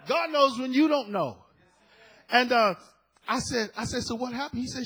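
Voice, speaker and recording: Husky high-voiced man preaching. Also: normal speed, rough recording. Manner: animated storytelling, acting out quotes, laughing. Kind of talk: sermon with personal story.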